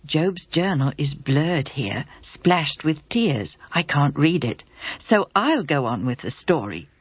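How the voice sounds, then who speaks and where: A storyteller narrating a Bible story in a gentle, conversational way, with asides to the listeners. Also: mid-range voice, very animated, slow, breathy edge, no room sound. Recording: dull lo-fi recording with music.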